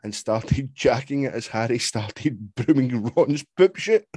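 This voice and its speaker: A man with a middling pitch who co-hosts a podcast, reading aloud and bantering. He laughs often and swears freely. The recording is dry, with no room sound. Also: expressive, slow, a little mellow, husky, no room sound. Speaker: podcast co-host. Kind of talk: casual chat and reading aloud.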